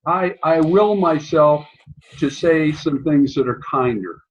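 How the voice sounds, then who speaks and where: A man's voice: a little high, takes it slowly, a little hiss or hum. Middle-aged man on a dull call line. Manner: earnest, reflective. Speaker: participant asking a question. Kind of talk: earnest question on a video call. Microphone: video call. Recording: dull lo-fi video call audio.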